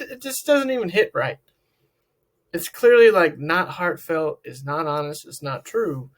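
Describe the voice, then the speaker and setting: A man's voice: sits high, fairly bright tone. A man working as a therapist, giving a reflective talk to camera, asking many questions and often repeating words. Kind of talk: talk to camera about emotional health.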